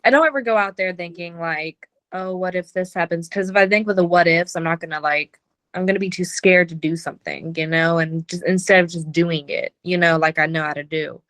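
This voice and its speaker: A young woman, a wrestler, answering interview questions in a relaxed way, full of "um" and "like". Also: on the low side, a little fast, no echo. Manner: relaxed, many "um" and "like". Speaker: wrestler, guest.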